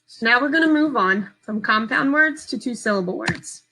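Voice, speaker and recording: A woman teacher giving a slow, patient, step-by-step phonics lesson to young children from home. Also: on the high side, animated, pushed and bright, poor audio.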